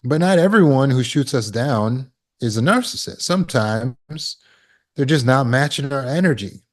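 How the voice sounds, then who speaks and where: Man, healing course teacher, spoken lesson, rhetorical questions, mid-pitched voice, repeats words. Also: lively intonation, normal speed. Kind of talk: spoken lesson to an online audience.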